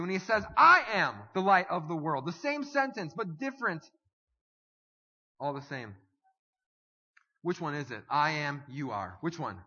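A man preaching a sermon as pastor, swinging from hushed, slow lines to loud, stirring calls. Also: on the high side, very animated, breathy edge. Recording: dull audio with long hall reverb.

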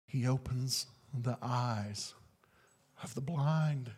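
A man preaching a sermon, swinging from booming declarations to hushed, drawn-out phrases. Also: slightly rough, in a large hall. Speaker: pastor.

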